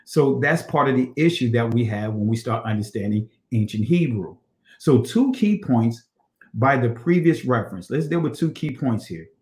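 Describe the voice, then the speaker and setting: A man's voice: medium pitch, expressive, normal speed, darkish tone, reverberant. A man teaching a scripture study lesson on ancient Hebrew, reading passages aloud and checking in with "all right?" and rhetorical questions.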